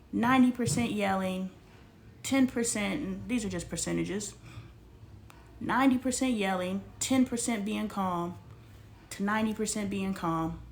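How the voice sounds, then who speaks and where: A woman's voice: mid-range voice, gravelly, a little hiss or hum. A woman in her thirties, a life coach, talking casually and bluntly about spiritual growth, swearing for emphasis and reading scripture aloud.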